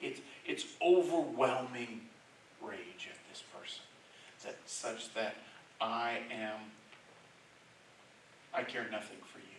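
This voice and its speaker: A man's voice: medium pitch, takes it slowly, pauses often. Man preaching in an echoey church. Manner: conversational preaching, frequent "right?" check-ins, rising to loud emphatic stretches. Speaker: pastor. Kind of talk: sermon. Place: church sanctuary. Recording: very echoey church hall, mic far off, faint hiss.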